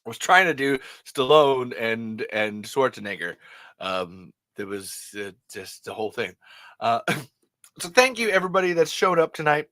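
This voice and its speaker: A man's voice: mid-range voice, big pitch swings, normal speed, a bit bright, dry recording. A man hosting a late-night podcast, chatting in a rambling, profane, chuckling way. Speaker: podcast host.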